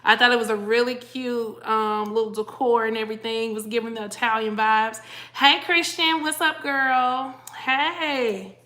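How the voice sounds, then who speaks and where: Woman, bright forceful voice, tired, casual livestream chat, greets viewers by name. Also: on the high side, fairly even intonation, normal speed. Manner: chatty, greets chatters by name, reads comments aloud. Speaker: cruise vlogger hosting a livestream.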